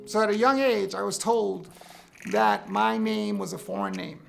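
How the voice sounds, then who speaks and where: A man in his fifties from the United States, talking candidly to camera with wry, animated storytelling. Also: high voice, moderate pace, creaky, soft background music. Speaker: vlogger sharing a personal list. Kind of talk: casual talk to camera.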